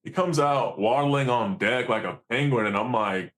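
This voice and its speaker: A man, a commercial fisherman, telling stories in a casual, animated and profane way. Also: medium pitch, normal speed. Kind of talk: casual storytelling.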